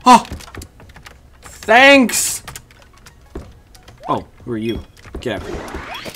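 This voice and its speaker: A woman giving excitable gameplay commentary, chattering at the game and breaking into sudden yelps. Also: extremely low pitch, moderate pace, breathy edge. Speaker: gaming channel host. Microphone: USB desk microphone.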